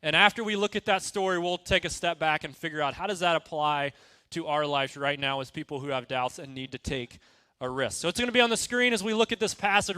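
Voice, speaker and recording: Youth pastor, male, high bright voice, casual energetic sermon style, dry sound. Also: clean tone, no echo. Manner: energetic, conversational, asks the room questions.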